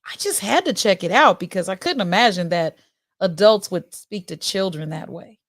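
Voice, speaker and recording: A woman in her forties putting on the voice of an overly polite, proper middle-aged woman, speaking softly and in a measured way. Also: mid-range voice, expressive, dry recording, clean studio sound, close to an everyday voice. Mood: politely firm. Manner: overly courteous, soft and measured.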